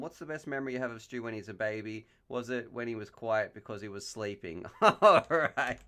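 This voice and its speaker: Speaking into a headset mic, this man hosts a casual live stream, chatting, joking and reading viewer questions and chat messages aloud. His voice sits at a medium pitch with a slightly bright, clear and resonant tone.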